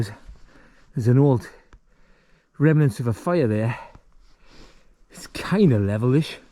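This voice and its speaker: A man's voice: medium pitch, warm tone. A man vlogging casually outdoors on a damp hillside at dusk, chatty and self-mocking, wandering off into asides while he looks for a camp spot. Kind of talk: casual outdoor vlog talk.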